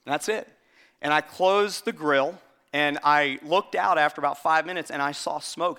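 A middle-aged pastor giving a sermon, chatty and storytelling, with frequent restarts. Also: male voice, fairly high pitch. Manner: hushed, slow prayer voice.

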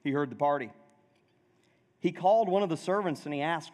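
A man's voice: on the high side, a little fast, darkish tone. Conversational male pastor in reverb. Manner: conversational, asks the congregation questions. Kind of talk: sermon. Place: church sanctuary. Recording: long reverb of a church hall.

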